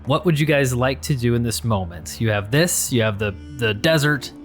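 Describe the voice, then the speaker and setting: A man at a mid-height pitch runs a tabletop game as game master. He narrates the scene in a rambling way, circling back and filling gaps with ums and uhs. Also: expressive, normal speed, soft background music. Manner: rambling, with frequent fillers and restarts.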